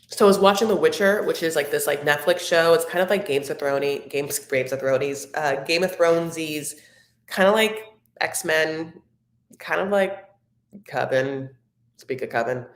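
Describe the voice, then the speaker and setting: Low-voiced chatty woman in a roomy space. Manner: chatty, rambling, affectionate with viewers. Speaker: live-stream recap host. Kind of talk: casual chat reading viewer comments. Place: home room. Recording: roomy echo.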